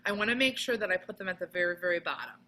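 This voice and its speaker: A woman teaching a children's music lesson on video, explaining each step patiently and clearly with sung demonstrations. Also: lowish voice, expressive, rapid-fire, pushed and bright, poor audio.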